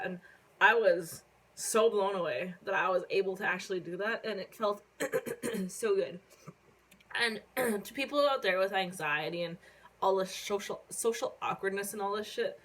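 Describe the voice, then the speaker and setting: A young woman from Canada telling a casual story on her phone vlog, rambling with lots of fillers and casual swearing while she hiccups and keeps clearing her throat. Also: medium pitch, fairly bright tone, rough recording. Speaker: vlogger.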